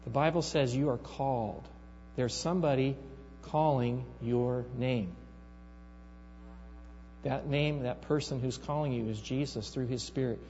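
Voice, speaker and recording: A man's voice: medium pitch, a little slow, pauses often, a little mellow. A male pastor preaching a sermon, telling a story and building to emphatic rises. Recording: reverberant hall, dull sound, mains hum.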